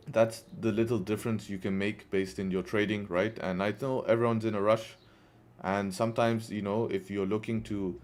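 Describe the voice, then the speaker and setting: Chatty male forex streamer, low voice. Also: darkish tone, slight background noise. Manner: chatty, repeats "right?" and "guess what", banters with chat. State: tired, yawning. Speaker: livestream forex trader. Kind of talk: casual live trading commentary.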